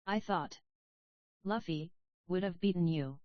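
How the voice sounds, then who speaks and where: A woman voicing a frightened but gentle teenage boy who stammers, read at a low pitch. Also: a little slow, dry recording, natural voice. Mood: worried. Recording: dry, slightly dull audio.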